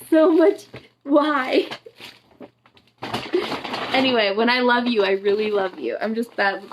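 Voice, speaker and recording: A young woman from the United States hosts a live stream, talking loosely and laughing as she goes. Her voice has a gravelly fry and sits at a mid pitch. She swears freely and jumps up higher whenever she acts out what someone said. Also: noisy background. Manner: chatty and profane, laughing often, acting out quotes in a higher voice. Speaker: boudoir photographer hosting a live stream. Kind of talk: casual livestream chat.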